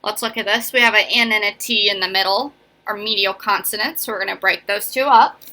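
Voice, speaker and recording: A woman's voice: medium pitch, fairly quick, bright, forceful tone, a little hiss or hum. A young woman teaching a casual video phonics lesson, chatty and encouraging, often checking in with "right?" and "okay?". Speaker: elementary school teacher.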